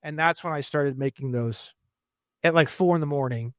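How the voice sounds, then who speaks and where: A man's voice: fairly high pitch, moderate pace, no room sound, clean studio sound. Heated, profane man ranting. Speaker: guest. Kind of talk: casual interview talk.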